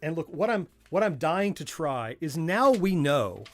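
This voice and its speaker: Animated Southern man chatting. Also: a little high, measured pace, soft background music. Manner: animated, chatty, wanders off on tangents. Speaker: livestream host. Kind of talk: casual livestream chat.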